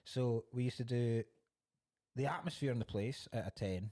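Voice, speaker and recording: A man's voice: medium pitch, normal speed, warm tone. Scottish man telling pub stories. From Scotland. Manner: storytelling, swearing freely, laughing often. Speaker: podcast co-host. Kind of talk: casual chat.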